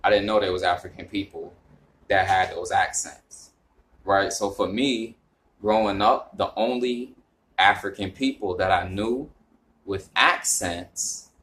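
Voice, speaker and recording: A young man from the northern United States with a New York accent talks straight to camera in a relaxed vlog. His voice sits low, and he wanders through fillers and restarts. When he hits his explanation he climbs higher and gets louder. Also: measured pace, a little hiss or hum. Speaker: vlogger. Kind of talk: casual talk to camera.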